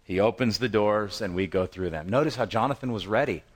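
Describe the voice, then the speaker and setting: A man preaching a sermon with lively, conversational storytelling. He jumps into the voices of the people in the passage and then drops back into plain talk, often restarting a phrase and repeating words. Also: fairly low pitch, brisk, husky. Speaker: pastor.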